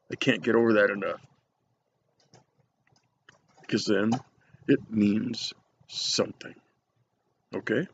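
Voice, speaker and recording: A man's voice: fairly low pitch, vocal fry, a bit bright, husky. A middle-aged man chatting casually to camera as a cigar reviewer, rambling and joking at his own expense. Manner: rambling, jokey, self-deprecating. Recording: dull lo-fi home recording with faint noise.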